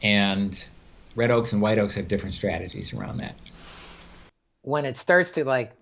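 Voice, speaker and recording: A man's voice: medium pitch, normal speed. A man telling rambling stories in a casual conversation, with many fillers and frequent laughs. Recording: dull lo-fi recording.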